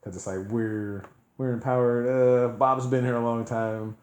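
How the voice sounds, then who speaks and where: A man's voice: mid-range voice, steady tone, measured pace, darkish tone. A man hosting a podcast, telling stories in a loose, laughing way during casual chat. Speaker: podcast host. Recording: echoey room.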